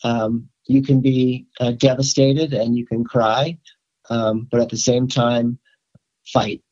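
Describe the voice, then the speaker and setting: An older man, a rabbi, talking in a casual interview with many pauses, fillers and restarts. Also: medium pitch, level tone, a little mellow, highs cut off. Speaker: rabbi, podcast guest.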